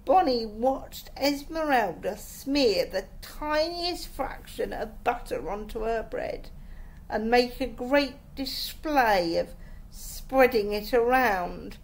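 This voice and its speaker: A woman reads a children's book aloud to her kids in a high, lively voice. She tells the story slowly and expressively, giving the narration plenty of colour. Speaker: mother reading to her children.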